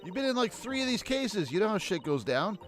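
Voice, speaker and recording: A man's voice: high-pitched, sing-song, fairly quick, a bit bright, faint music behind, pitched above the performer's own voice. A man voicing a tough young street girl from a game, with a put-on English accent and a scrappy, brash manner.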